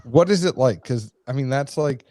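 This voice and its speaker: A man's voice: medium pitch, moderate pace, warm tone, no echo. A man from New England co-hosting a casual podcast chat over drinks, talking in a joking, chatty way. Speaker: podcast co-host.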